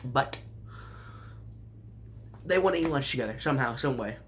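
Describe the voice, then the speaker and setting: A man recapping an anime season in a sarcastic, rambling way, with sudden jumps in pitch. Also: lively intonation, normal speed, a little hiss or hum. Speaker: anime reviewer.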